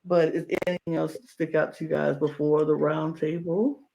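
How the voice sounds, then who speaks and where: A man co-hosting a podcast, chatting casually and recapping the show in a playful, animated way. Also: a little high, moderate pace, gravelly. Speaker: podcast co-host. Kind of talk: casual chat.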